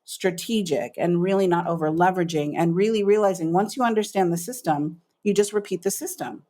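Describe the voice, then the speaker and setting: A woman's voice: fairly low pitch, brisk. A middle-aged woman, a business coach, telling her story as a guest on an interview podcast, emphatic and acting out what people said. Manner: animated storyteller, acts out quoted voices, emphatic.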